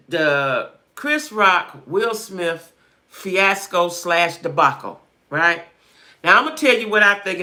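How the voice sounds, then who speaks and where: Hosting a casual live stream, a woman addresses her viewers directly, repeating herself for emphasis and responding to comments as they arrive. Her voice is fairly low in pitch, pushed and bright.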